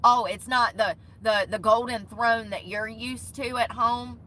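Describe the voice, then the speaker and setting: A woman's voice: fairly high pitch, fairly even intonation, a little slow, sharp tone. A young woman vlogging about van life, telling an indignant, profane story in short bursts. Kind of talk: ranting vlog storytime.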